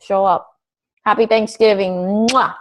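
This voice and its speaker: A woman coaches her team in a blunt, profane pep talk on a group call. Her voice sits a little high. She talks plainly and pushes her listeners hard. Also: moderate pace, slight background noise, low-quality recording.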